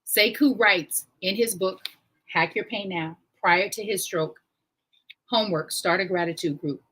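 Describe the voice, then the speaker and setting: A woman hosting her own live-stream talk show, speaking in a casual, emphatic and animated way and reading aloud from a book. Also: measured pace, husky, low-quality recording. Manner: animated and emphatic, swings up in pitch when excited. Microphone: home live-stream mic.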